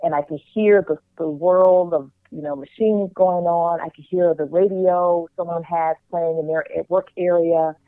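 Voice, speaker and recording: A woman's voice: fairly low pitch, fairly even intonation, moderate pace, hardly any pauses, no room sound. A middle-aged woman guest in a casual interview, telling a vivid personal story and acting out what others thought. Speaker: guest, spiritual practitioner. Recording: tinny phone-like line.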